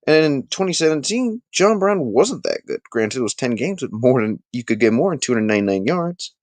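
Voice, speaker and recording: A man hosting a casual live sports talk stream, chatting with his viewers and making animated, emphatic points. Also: mid-range voice, fairly quick, no room sound.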